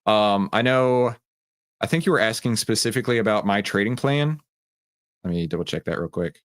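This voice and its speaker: A man's voice: fairly low pitch, moderate pace, no echo, clean studio sound. A middle-aged man with a Texan accent hosts a livestreamed trading room, talking casually with lots of fillers. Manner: casual and chatty, many fillers.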